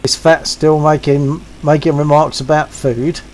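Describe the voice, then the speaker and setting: A man's voice: on the high side, level tone, measured pace, darkish tone, a little hiss or hum, poor audio. An older English man hosting a casual game stream, chatting and reminiscing with a laugh. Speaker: stream host. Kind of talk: casual gaming chat.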